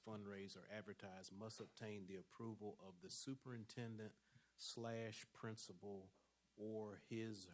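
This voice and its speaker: Board member, male, lower voice, methodical and precise. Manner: methodical, reads text aloud and parses it. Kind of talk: discussion at a board meeting.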